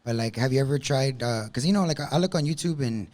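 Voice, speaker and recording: A man's voice: medium pitch, expressive, quick pace, darkish tone. A man hosting a casual podcast interview, chatty and loose, filling his questions with "like" and "right?". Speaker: podcast host.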